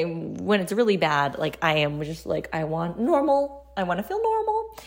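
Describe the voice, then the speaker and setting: A woman in her thirties talks through her solo podcast in a relaxed, chatty way, her voice sitting a little lower than most. Her phrasing is loose and conversational, with light laughs mixed in.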